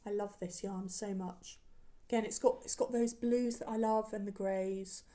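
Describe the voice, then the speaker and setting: A woman's voice: medium pitch, fairly even intonation, normal speed, dark tone. A woman hosting a knitting podcast, chatting casually about her projects with many ums and restarts. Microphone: camera recording, showing work.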